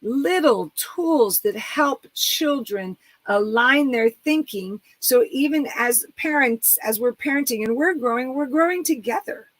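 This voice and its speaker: A middle-aged woman, an author and coach, talking casually and telling lively stories, acting out the voices she quotes. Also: sits high, unhurried, few pauses, rough recording. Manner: animated storyteller, acts out quoted voices. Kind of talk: casual interview talk.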